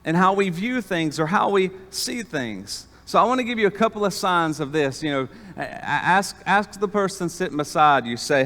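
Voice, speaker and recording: A man preaching an animated sermon as pastor, calling on the congregation to respond. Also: on the high side, a little fast. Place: church sanctuary. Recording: long church reverb.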